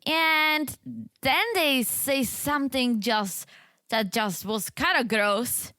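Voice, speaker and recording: A woman's voice: high-pitched, slow pace, pushed and bright, dry recording, clean studio sound. A woman co-hosting a podcast in casual chat, giggly and chatty, laughing often. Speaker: podcast co-host. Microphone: podcast microphone.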